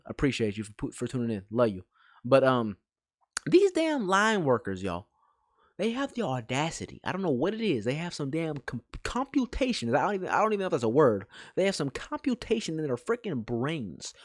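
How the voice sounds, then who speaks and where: A young man streaming live, ranting in an animated, profane, exasperated way. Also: mid-range voice, dry recording, clean studio sound. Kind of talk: live-stream reaction rant.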